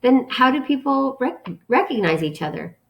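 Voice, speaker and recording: A woman voicing a gentle, worried young boy who asks his questions softly and hesitantly. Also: sits high, very animated, moderate pace, gravelly, pitched above the performer's own voice, full character voice. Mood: wondering. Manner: soft, hesitant, pleading.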